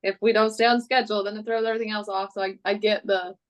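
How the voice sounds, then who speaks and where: A woman's voice: medium pitch, little pitch movement, fast, low-quality recording. Chatty mother on a coaching call. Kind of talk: casual chat.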